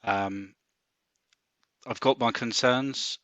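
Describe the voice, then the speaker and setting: Guy co-hosting a podcast, bright voice, lots of ums, dry close sound. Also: mid-range voice, fairly even intonation, very slow, dry recording. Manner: hesitant, many ums and restarts. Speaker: podcast co-host. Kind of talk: casual chat about fantasy football.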